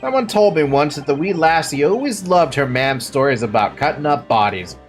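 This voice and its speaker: Shifty Scottish ex-warder, put on by a player reading dialogue; animated, soft music behind. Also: medium pitch, moderate pace, lightly acted. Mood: somber. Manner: attempted Scottish accent with dialect words. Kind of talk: reading game dialogue aloud.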